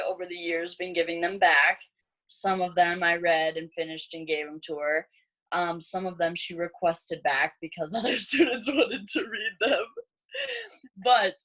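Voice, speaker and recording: A young woman in her late teens, a high school senior, chatting casually with a classmate and using many "like" fillers. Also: fairly bright tone, muffled recording. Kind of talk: casual chat between classmates.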